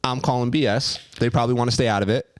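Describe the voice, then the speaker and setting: A man co-hosting a casual talk show, teasing and calmly pushing back on his co-host's story. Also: mid-range voice, racing, no room sound, studio quality. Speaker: podcast co-host. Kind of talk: casual chat.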